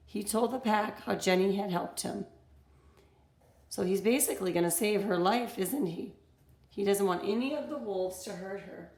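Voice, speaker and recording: Gravelly-voiced woman teaching a reading lesson. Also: medium pitch, normal speed, echoey room. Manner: reads text aloud and explains step by step.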